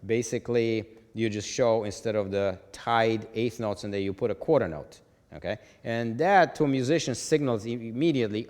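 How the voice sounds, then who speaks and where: A man's voice: medium pitch, normal speed, darkish tone, big-room sound. A man teaching a music theory lesson, explaining patiently and checking in with "okay?" after each point.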